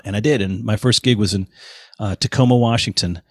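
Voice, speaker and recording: A man in his fifties, a guest musician in a casual interview, telling animated anecdotes and acting out what people said. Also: fairly low pitch, a little fast, no room sound, clean studio sound. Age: 50s. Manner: animated anecdotes, acts out quoted voices. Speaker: guest musician, touring bassist.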